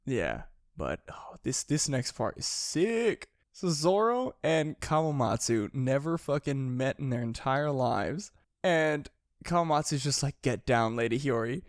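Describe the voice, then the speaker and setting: A man's voice: mid-range voice, measured pace, dry recording, studio quality. A man co-hosting a podcast, chatting casually, laughing often and swearing freely. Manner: laughs often, profane, excitable. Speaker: podcast co-host. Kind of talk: casual chat.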